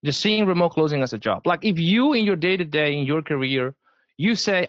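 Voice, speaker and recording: Spanish-accented man, emphatic, higher voice. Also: lively intonation, brisk, no echo, muffled recording. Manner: emphatic, repeats words when restarting. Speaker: sales guest. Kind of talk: casual interview.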